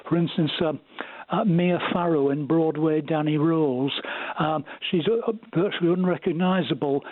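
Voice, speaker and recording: A man on a thin, phone-like line, his voice sitting a little high for a man. He talks haltingly, full of ums and restarts, as he shares music trivia with a radio host. The sound is dry and close, with no room around it. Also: fairly even intonation, no room sound. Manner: halting, many fillers and restarts. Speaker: radio caller sharing music knowledge. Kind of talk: casual radio chat.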